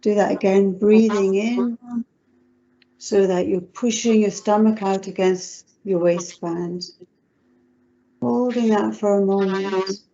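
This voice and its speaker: A woman psychotherapist leading a guided relaxation exercise over a video call, giving slow, soothing instructions. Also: medium pitch, fairly even intonation, mellow, highs cut off.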